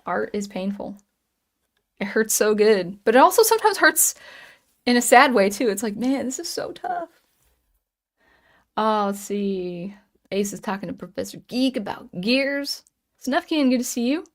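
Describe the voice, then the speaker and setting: A woman's voice: medium pitch, expressive, moderate pace. A woman in her late thirties chatting casually on a livestream, telling a story with lots of restarts and reading the chat aloud. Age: 30s. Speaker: livestream host.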